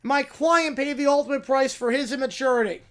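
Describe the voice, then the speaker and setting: A man's voice: very high voice, steady tone, fairly quick, fairly bright tone. A man playing an oratorical plaintiff's lawyer. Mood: grandstanding. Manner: formal, oratorical. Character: earnest, grandstanding male plaintiff's lawyer.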